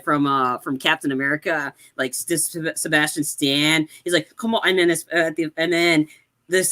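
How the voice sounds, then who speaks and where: A man in his twenties chatting casually about movies on a podcast, animated and laughing, acting out lines in exaggerated voices. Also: a little high. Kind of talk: casual movie review chat.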